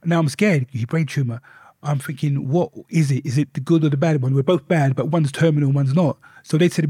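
A man speaking as a guest in a candid life-story interview, an animated storyteller who often repeats his words. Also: on the high side, fairly quick, slightly rough, dry recording, studio quality.

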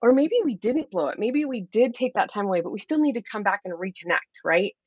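A woman's voice: mid-range voice, lively intonation, a little fast, breathy edge, dry recording, lo-fi sound. A middle-aged woman who coaches parents, speaking openly and earnestly in a podcast interview, explaining with light laughs.

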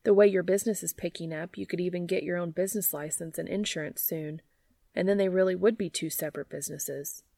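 A sensible younger brother who lays out his arguments calmly and persuasively, voiced by a woman reading. Her low voice has a gravelly edge in a dry, close recording. It plays as a story read aloud. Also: fast, no room sound. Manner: calm, persuasive. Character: reasonable young man, law student, younger brother.

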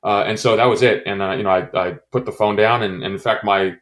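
A middle-aged man with a very low, deep voice speaks in an interview. He talks haltingly, full of fillers and restarts, with emotion close under the surface. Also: fairly even intonation, fairly bright tone. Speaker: former intelligence station chief. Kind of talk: interview, personal recollection.

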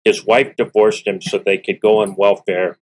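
A middle-aged man speaks in a somewhat low voice, telling a personal story to an interviewer. He sounds earnest and frank and often stops and restarts his sentences. He clears his throat again and again as he talks. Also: flat delivery, normal speed, low-quality recording. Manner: earnest, candid, with restarts and repeats. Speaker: interview guest, author.

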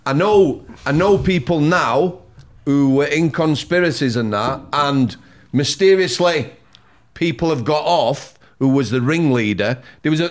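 Measured, mid-pitched ex-prison officer. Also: male voice. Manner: measured, repeats himself while finding words. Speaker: former prison officer, guest. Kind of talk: conversational discussion.

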